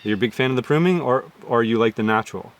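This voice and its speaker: A man's voice: mid-range voice, quick pace. A man chatting casually while cooking at an outdoor forest camp, joking and laughing often.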